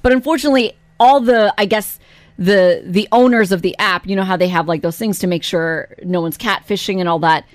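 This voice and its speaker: A woman's voice: medium pitch, brisk, no echo. A woman co-hosting a radio show, chatting casually and teasing her partner on a close studio mic. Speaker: radio co-host.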